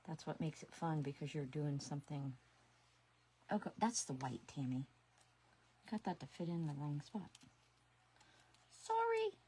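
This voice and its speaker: A woman in her sixties streams live as a resin artist, chatting casually and talking to herself as she works. She has a deep, husky voice.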